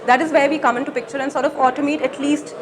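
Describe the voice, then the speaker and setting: A woman's voice: high voice, fairly even intonation, fast talker, a crowd in the background. A woman with an Indian English accent, a sales director describing her company in a businesslike way with many fillers. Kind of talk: conference interview. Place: conference hall.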